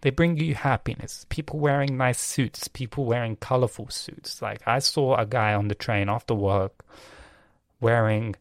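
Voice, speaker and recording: A man's voice: mid-range voice, steady tone, moderate pace, no echo, clean studio sound. A young man talking casually on his own, rambling and correcting himself, swearing often. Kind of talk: casual monologue.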